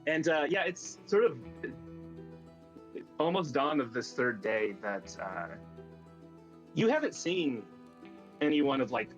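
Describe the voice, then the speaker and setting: A man's voice: on the high side, very animated, highs cut off, soft background music. A man narrating as game master of a streamed tabletop game, stopping often with fillers and restarts. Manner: halting, many fillers and restarts.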